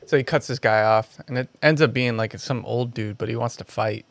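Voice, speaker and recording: A man's voice: medium pitch, steady tone, fairly quick, hardly any pauses, slight background noise. Laid-back man in casual chat.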